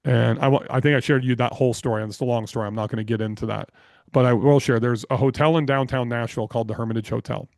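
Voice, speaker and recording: A man speaking as a podcast guest, spinning business anecdotes in a blunt, energetic, casual way with plenty of swearing. His voice sits at a middle pitch for a man. The sound is dry, with no room echo. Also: fast, vocal fry. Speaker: podcast guest, real estate investor. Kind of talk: casual interview storytelling.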